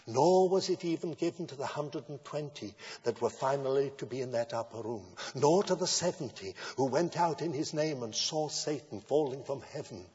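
A man preaching a sermon in a measured style that builds to emphatic declarations. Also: medium pitch, expressive, a little mellow, husky. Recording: dull lo-fi sound with long hall reverb.

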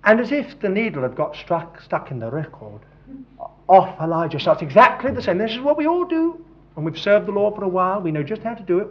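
Man preaching with dramatic swings. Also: high-pitched. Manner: dramatic, swings from hushed to loud emphasis. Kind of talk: sermon. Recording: dull lo-fi recording.

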